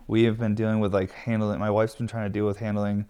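Man, lowish pitch, stressed small-business owner talking off the cuff, filler-heavy, curses freely. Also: completely flat delivery, quick pace, warm tone, clear, resonant tone. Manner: rambling, many fillers, swears freely. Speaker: glass studio owner. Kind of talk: candid casual vlog talk.

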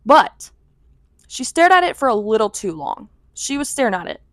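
A woman's voice: on the high side, big pitch swings, normal speed, fairly bright tone, dry recording. A young woman telling a rambling vlog story in a chatty, casual way, full of "like". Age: young adult. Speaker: vlogger.

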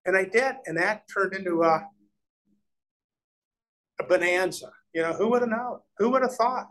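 Animated storytelling businessman, higher voice. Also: moderate pace, poor audio. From Nebraska, USA. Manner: animated storyteller, acts out quoted voices, frequent restarts. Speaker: real estate developer, guest. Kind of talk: conversational storytelling interview.

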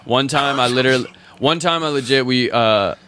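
A man's voice: mid-range voice, a little fast, pushed and bright, smooth. Profane man telling wild stories. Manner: profane storyteller, voice jumps up when quoting people. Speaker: podcast co-host. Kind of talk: casual podcast chat.

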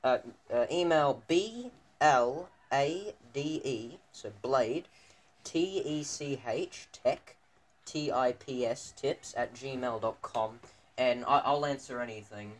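Taking it slowly in a mid-range voice, a teenage boy co-hosts a casual podcast among students. He meanders, restarting often and filling gaps with fillers, and faint noise sits in the background.

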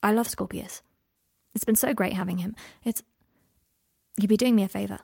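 A woman voicing an earnest, halting young man in an audiobook, close to her own reading voice. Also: mid-range voice, fairly even intonation, vocal fry, mellow, breathy edge. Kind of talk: audiobook character voice.

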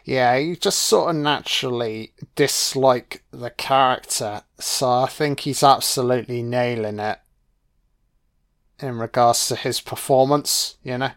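Unhurried and fairly bright, his mid-range voice carries a casual watch-along of a movie. The man swears freely, reacts as things happen, and talks back at what's on screen.

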